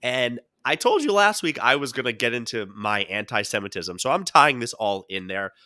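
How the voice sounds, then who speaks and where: A man co-hosting a podcast talks in a bright, forward voice that swings widely up and down as he tells his stories. He chats casually into a close mic in a dry room, and he jumps in and out of quoted voices as he goes. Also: medium pitch, normal speed, dry recording. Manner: animated storyteller who jumps into quoted voices. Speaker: podcast co-host.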